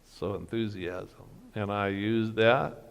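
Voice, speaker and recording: A man's voice: lowish voice, steady tone, slow, creaky, slight background noise. A man giving a motivational talk as guest speaker at a church men's breakfast, telling stories with humor and acting out the dialogue. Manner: storytelling that acts out dialogue with humor. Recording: reverberant hall.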